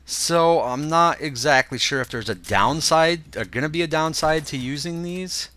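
A man's voice: a little high, moderate pace. A young man with a stuffed-up, congested voice, casually talking through a game walkthrough while thinking aloud. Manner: relaxed, thinking aloud with fillers. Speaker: gaming video host. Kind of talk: casual gameplay walkthrough commentary.

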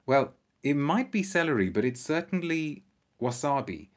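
A man's voice: on the high side, very animated, normal speed. A man hosting an unscripted live stream, chatting about perfumes and reading out viewer comments, enthusiastic and often repeating words as he thinks aloud.

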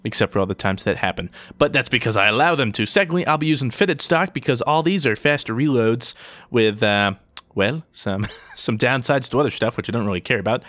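A man's voice: medium pitch, expressive, a little fast, fairly bright tone. A young man giving jokey gameplay commentary, talking to opponents and himself as he plays. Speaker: gaming YouTuber.

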